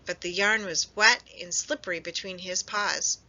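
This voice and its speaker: A woman librarian reading a storybook aloud at story time, expressive and lively. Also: lowish voice, normal speed. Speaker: children's librarian. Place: public library. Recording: dull lo-fi recording.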